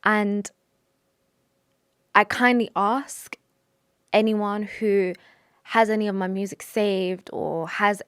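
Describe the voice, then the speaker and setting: A woman's voice: mid-range voice, fairly bright tone, clear, resonant tone, no room sound, studio quality. A young woman talking to camera about her faith, earnest and emotional, with sighs, restarts and Arabic religious phrases mixed in. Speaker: vlogger. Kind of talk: personal confessional talk to camera.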